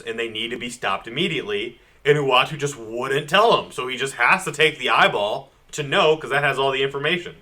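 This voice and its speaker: Guy with a bright punchy voice recapping comics for a podcast, laughing a lot and doing little character voices. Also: mid-range voice. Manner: animated, acts out characters' lines in quick voices; laughs often, lots of "like". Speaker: podcast co-host. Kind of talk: casual comic book chat.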